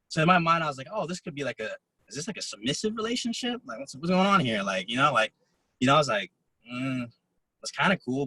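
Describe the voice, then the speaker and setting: A man giving a motivational talk to a group, telling stories and acting out quotes of other people in an animated way. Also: medium pitch, slightly rough, no echo, rough recording. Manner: animated storytelling, acts out quotes. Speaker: motivational speaker. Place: event room.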